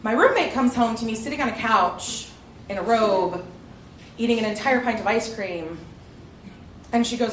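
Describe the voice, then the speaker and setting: A woman's voice: high-pitched, expressive, unhurried, long pauses. A woman with a Southern US accent telling a comic personal story on stage at a live event, often laughing through her lines. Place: live venue with audience. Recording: echoey live room, faint noise.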